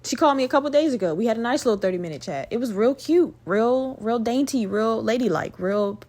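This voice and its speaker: A woman's voice: on the high side, expressive, a little fast, a little mellow. Candid, foul-mouthed woman telling a story. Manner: candid, profane, chatty with frequent fillers. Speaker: podcast host. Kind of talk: casual personal storytelling.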